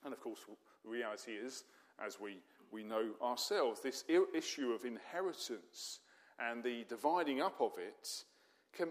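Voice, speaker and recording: A man preaching in a warm, conversational manner, tossing in rhetorical questions and wry asides. His voice sits at a middling pitch and carries a long reverb, as if he is in a large hall. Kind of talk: sermon.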